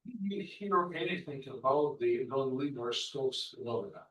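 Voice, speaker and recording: A man in a lecture audience asking a long technical question, slow and halting with many fillers. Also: medium pitch, animated, fairly bright tone. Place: lecture hall. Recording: echoey hall, voice from far off.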